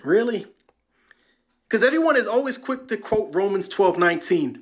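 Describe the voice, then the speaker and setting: A man's voice: high-pitched, moderate pace, fairly bright tone, dull audio. A man hosting a solo podcast, quoting scripture and joking wryly in a preachy way. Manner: preachy, wry, quotes scripture and jokes. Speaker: podcast host.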